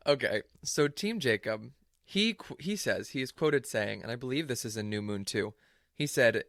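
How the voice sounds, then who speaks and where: A man hosts a podcast in a loose, casual chat, playful and quick to poke fun at himself and his guest. His voice sits at a middling pitch for a man. The recording is dry, close and free of room sound. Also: expressive, a bit bright, no room sound. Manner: playful, self-mocking, teasing. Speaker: podcast host.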